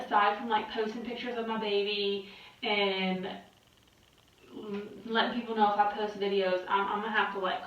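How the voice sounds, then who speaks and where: A woman's voice: mid-range voice, a bit bright. A young adult woman talking candidly in a personal vlog, weary and exhausted, rambling and swearing. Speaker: vlogger. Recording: very echoey, distant, muffled.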